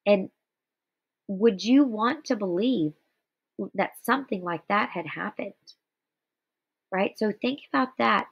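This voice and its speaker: A woman's voice: medium pitch, takes it slowly, gravelly, long pauses, slightly rough. A tired, yawny woman teacher doing a guided reading aloud, with explanations to her students. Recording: slightly dull lo-fi recording.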